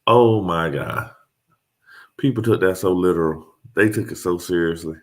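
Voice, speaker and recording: A man's voice: low voice, moderate pace. A man, talking casually to his online audience, joking and laughing often. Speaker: host.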